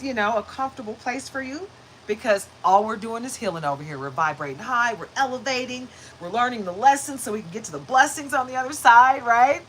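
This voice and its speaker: A woman's voice: fairly high pitch, sharp tone, a little hiss or hum, low-quality recording. A woman hosting a spiritual reading livestream, talking casually and upbeat with frequent laughter and greeting viewers by name. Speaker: spiritual reader and livestream host.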